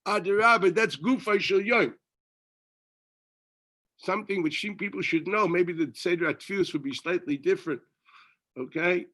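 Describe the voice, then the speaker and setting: A rabbi teaches a Torah class in a fairly high, bright voice. He keeps it conversational, putting questions to himself and answering them. His talk mixes in Hebrew and Yiddish terms. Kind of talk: Torah lecture.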